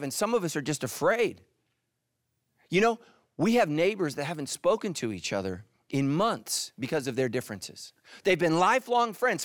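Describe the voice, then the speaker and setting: A middle-aged man, a pastor, preaching a sermon with animated swings from loud emphasis to hushed, intimate lines. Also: fairly high pitch, no room sound, studio quality.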